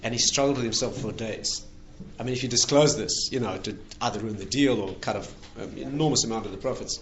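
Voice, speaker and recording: A man's voice: medium pitch, brisk, a little hiss or hum. A rabbi telling stories in a conversational lecture, laughing at his own punchlines. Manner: animated anecdotes, laughing at punchlines. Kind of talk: conversational storytelling talk.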